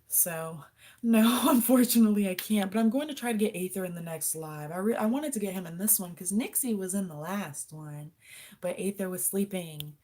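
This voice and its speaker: A young woman with a mellow, mid-range voice hosts a casual livestream at a normal speed. She chats as she answers viewer questions and coos baby talk affectionately to her pet lizard.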